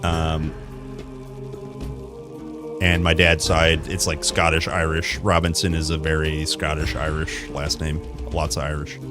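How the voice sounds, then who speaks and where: A young American man live-streams a game, chatting loosely with viewers in a rambling way, often correcting himself mid-sentence and laughing at the chat. His voice is very deep, monotone, and a little slow, with music in the background.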